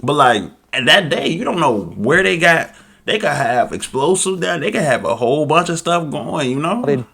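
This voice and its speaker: A man from Chicago hosting a reaction video, chatting casually with slang and animated asides. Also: a little high, normal speed, creaky, husky. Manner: animated, slangy, talks straight to viewers.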